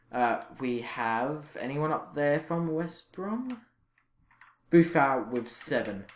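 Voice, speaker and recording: A young man commentating his own football video game, reacting loudly and with frustration to misses and saves. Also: mid-range voice, slight background noise. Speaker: gaming channel host. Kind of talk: live gameplay commentary.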